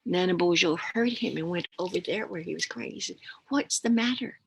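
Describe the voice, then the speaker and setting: An older woman leads an outdoor lesson, telling stories slowly and gently in plain words sprinkled with Ojibwe. Her voice is gravelly and a little husky. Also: lowish voice. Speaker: elder teacher. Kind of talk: oral storytelling lesson.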